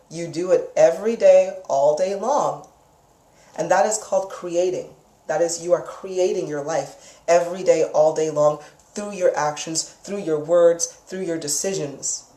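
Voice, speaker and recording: A woman's voice: lowish voice, dark tone. A woman teaching a live lesson on energy healing in an instructive, emphatic way, repeating key phrases and checking in with "okay?". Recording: echoey room, mic far off.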